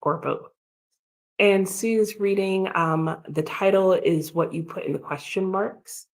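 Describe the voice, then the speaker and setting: A woman's voice: mid-range voice, steady tone, slow pace. An American woman hosting a casual reading livestream, chatting about her book and reading out and answering viewer comments. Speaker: livestream host. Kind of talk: casual readalong chat.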